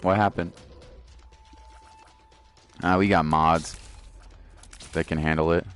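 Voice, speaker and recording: A man's voice: low voice, fairly even intonation, takes it slowly, a bit bright, smooth, faint music behind. A man streaming a video game, chatting casually and laid-back with his viewers. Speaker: gaming streamer. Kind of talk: casual live-stream chat.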